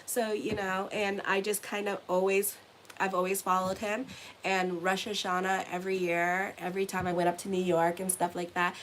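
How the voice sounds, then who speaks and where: A woman's voice: mid-range voice, fairly bright tone, a little hiss or hum, poor audio. A woman giving a casual tarot reading to her viewers, rambling and chatty, often ending lines with "okay?". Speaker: tarot reader and astrologer.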